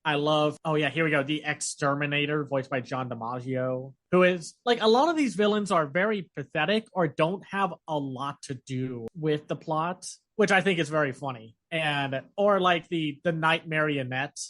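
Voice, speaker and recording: A man co-hosting a podcast in casual chat, talking in an animated way with many fillers. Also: fairly high pitch, moderate pace, hardly any pauses. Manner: chatty, animated, lots of fillers. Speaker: podcast co-host.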